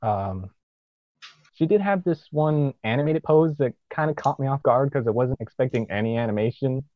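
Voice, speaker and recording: A man's voice: mid-range voice, expressive, moderate pace, no echo. Earnest man on a dry, lo-fi call. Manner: earnest, enthusiastic opinions. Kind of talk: casual podcast chat.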